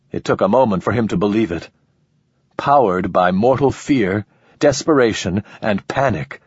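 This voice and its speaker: A man reading a novel aloud in scripted, steady narration. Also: fairly low pitch, husky, no room sound. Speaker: audiobook narrator. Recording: slightly dull lo-fi recording.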